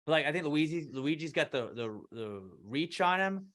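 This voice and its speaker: A man co-hosting a podcast, reading out listener questions in a relaxed, casual way and trailing off often. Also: a little high, normal speed. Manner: laid-back, trails off, says "dude". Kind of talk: casual chat.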